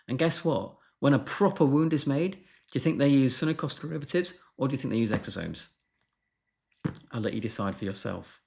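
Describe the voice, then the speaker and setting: A man's voice: mid-range voice, creaky. A man who is a doctor answering viewer questions on a live stream, frank and blunt, brushing off marketing claims.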